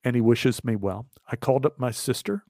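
A man's voice: fairly quick, creaky, no room sound. A middle-aged man tells a personal story with wry, self-mocking humor. His voice sits mid-range but swings wide as he acts out what others said. The sound is dry, with no room in it. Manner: animated, acts out other people's lines with big jumps in pitch.

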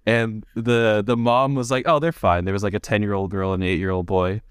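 A man with a fairly low voice chats on a podcast, spinning animated stories and laughing along the way. His voice is recorded dry and close, with no room sound around it. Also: brisk, smooth, no room sound. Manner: animated storyteller who laughs often. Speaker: podcast co-host. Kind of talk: casual chat.

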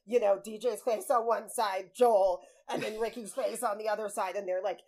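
A woman's voice: mid-range voice, fairly even intonation, moderate pace, darkish tone. Upbeat young woman co-hosting a podcast. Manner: upbeat and agreeable, sprinkles "like" through her speech. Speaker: podcast co-host. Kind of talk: casual chat recapping a TV baking show.

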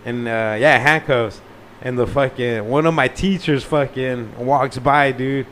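A young man telling a profane, animated story in casual slang. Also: mid-range voice, unhurried, slight background noise.

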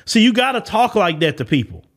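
This podcast host speaks in a high, sing-song voice at a slightly quick pace. He delivers an emphatic opinion monologue, driving his points home through blunt repetition.

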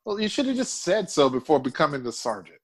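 A man's voice: on the high side, very animated, fast talker, husky. A man performing improv comedy, earnest and stumbling over restarts.

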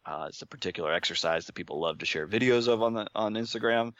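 A man being interviewed, telling his story in a relaxed, self-deprecating way and chuckling often. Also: lowish voice, fast talker, dry recording, lo-fi sound. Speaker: interview guest.

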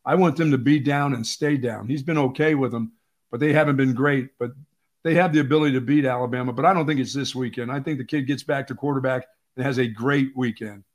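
A man from Pennsylvania co-hosting a sports radio show, telling stories in an animated, emphatic way with lots of repeated phrases. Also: medium pitch, quick pace. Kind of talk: casual sports talk.

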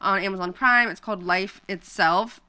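A young woman co-hosting a laid-back chat show, her voice bright and smooth. She tells stories in a loose, chatty way, full of "like" and quick asides. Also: medium pitch. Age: young adult. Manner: chatty storyteller, heavy use of "like". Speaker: podcast co-host. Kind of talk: casual chat.

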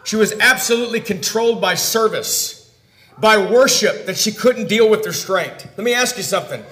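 A man preaching a sermon, putting direct questions to his listeners and swinging between loud emphasis and hushed, quiet lines. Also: high voice, moderate pace, echoey room.

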